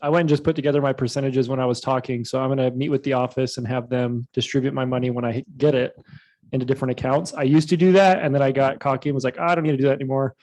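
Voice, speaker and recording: A man in a team meeting telling a quick self-mocking story. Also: mid-range voice, steady tone, a little mellow. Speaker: team member. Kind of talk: casual group discussion.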